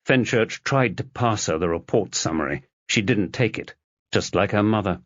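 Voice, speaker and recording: A man narrating a mystery audiobook in a dramatic, expressive reading. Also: lowish voice, normal speed, dry recording, muffled recording. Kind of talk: scripted narration.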